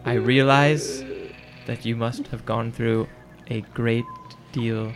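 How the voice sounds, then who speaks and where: A man voicing a gentle male companion in a tabletop game, speaking in slow, measured, formal sentences to calm a frightened man. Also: mid-range voice, soft background music, lightly acted. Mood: reassuring. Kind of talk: in-character tabletop role-play.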